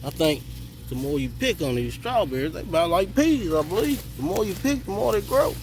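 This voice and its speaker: With a high, sing-song voice and a fairly quick pace, a man gives a casual, thinking-aloud tour of his garden outdoors in the heat. He films it on a handheld phone, and background noise can be heard.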